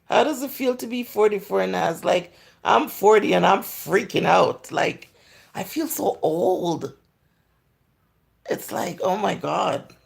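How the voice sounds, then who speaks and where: A Jamaican-accented woman in her forties hosts a relaxed livestream, reading viewer comments aloud at an unhurried pace. Her medium-pitched voice is heavily gravelly with fry the whole way through, and she chats candidly, sliding into patois as she goes.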